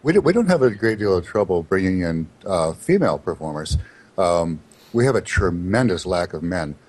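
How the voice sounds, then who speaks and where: Low-voiced wry male podcast host. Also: very animated, moderate pace, a little mellow. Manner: wry, joking interviewer. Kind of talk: casual podcast chat.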